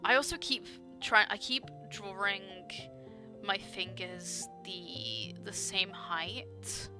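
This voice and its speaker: Over music, a young woman speaks slowly at a medium pitch while drawing on stream. The artist chats casually and rambles, filling her speech with fillers and frequent laughs as she gushes about art.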